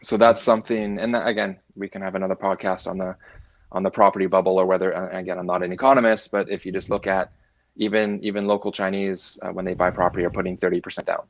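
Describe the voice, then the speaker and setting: Canadian man, deep gravelly voice, dry close sound, measured guest answers. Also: level tone, no echo, highs cut off. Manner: measured, with many restarts. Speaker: guest, managing director. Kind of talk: interview answers.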